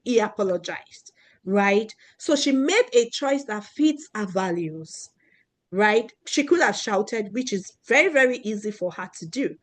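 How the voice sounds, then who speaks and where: A woman's voice: mid-range voice, animated, a little slow. A woman teaching a children's class, who keeps asking questions and checking in with the kids. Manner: asks questions often, keeps checking with "right?".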